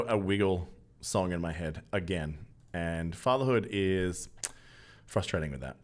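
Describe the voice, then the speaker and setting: A man's voice: sits low, animated, moderate pace. A young Australian man streaming a mobile game, joking loosely with viewers and answering the chat as he plays. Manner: jokey, loose banter, reads out chat and answers.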